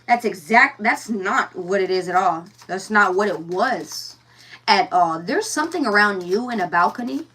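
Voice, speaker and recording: A woman's voice: fairly high pitch, fairly bright tone, breathy edge, distant mic. A woman giving a casual tarot reading, blunt and profane, firing rhetorical questions and repeating herself. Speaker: tarot reader.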